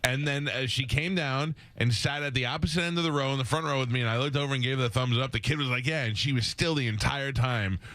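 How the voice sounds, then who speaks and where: A man's voice: mid-range voice, fairly bright tone. A male radio host telling stories in casual studio chat and acting out the people he quotes. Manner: fast-talking storyteller, acts out quoted voices.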